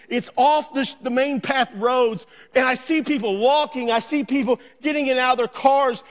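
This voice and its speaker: A man's voice: very high voice, in a large hall. A man preaching a sermon, earnest, with repeated phrases, building now and then to a raised, emphatic voice. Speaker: pastor.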